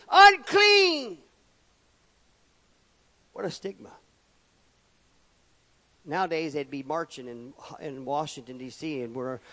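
A man with a somewhat high voice preaches a sermon, reading scripture aloud and driving his points home with loud, emphatic rises and sudden drops into quiet.

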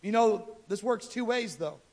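A man preaching a sermon, retelling scripture in a casual, animated storytelling way. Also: sits high, measured pace, gravelly.

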